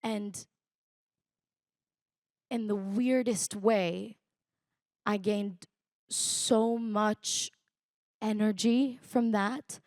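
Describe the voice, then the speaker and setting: A young woman, a guest recounting her personal story in an interview, reflective and halting, with many fillers. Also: mid-range voice, fairly even intonation, darkish tone, dry recording, clean studio sound. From Israel. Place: conference stage.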